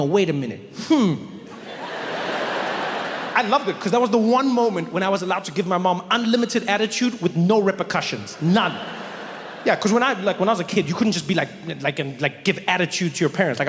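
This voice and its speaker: A man telling a stand-up comedy story, animated and playful. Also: sits high, big-room sound, slight background noise.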